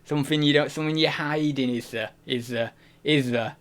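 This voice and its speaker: A man chatting loosely on a live stream, giggly and rambling, and full of restarts. His voice sits a little higher than most men's. The talk is unscripted and offhand. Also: steady tone, fairly quick. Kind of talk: casual live-stream chat.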